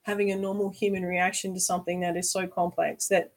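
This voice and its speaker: A woman's voice: lowish voice, level tone, brisk, low-quality recording. Earnest woman host, candid talk. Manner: earnest, repeats "right?" often. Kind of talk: candid conversation.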